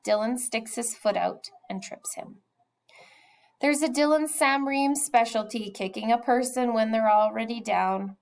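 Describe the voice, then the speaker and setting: A woman's high-leaning, gravelly voice comes through poor audio as she reads a children's book aloud. She narrates with feeling and at moments lowers her voice to a whisper.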